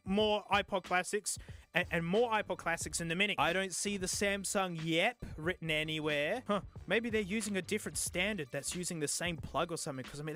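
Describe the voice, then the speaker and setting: A man hosts a casual product-review vlog, excitable and full of sarcastic jokes. His voice is high and bright, and faint music plays under his talk. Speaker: host.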